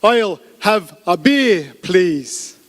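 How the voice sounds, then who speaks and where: A man's voice: sits high, expressive, normal speed, big-room sound. A man putting on a clumsy Irish accent. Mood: cheery. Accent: Irish, put on badly. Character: lottery-winning Irishman on holiday.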